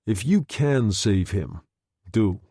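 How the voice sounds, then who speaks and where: A man reading a novel aloud, voicing an agitated wartime general who speaks in a slow, grave way. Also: lowish voice, expressive, mellow, husky, no room sound, clean studio sound, heavily acted.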